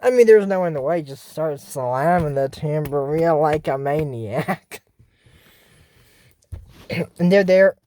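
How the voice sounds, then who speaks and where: A vlogger casually recapping a cartoon episode in a chatty, excitable way, full of fillers and restarts. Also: mid-range voice, takes it slowly, pauses often, slight background noise. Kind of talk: casual rambling recap commentary.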